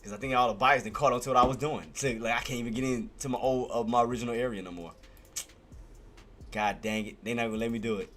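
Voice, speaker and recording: A man giving live trading commentary on his stream. He talks excitably, repeats himself often, and swears. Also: medium pitch, quick pace. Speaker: day-trading livestreamer.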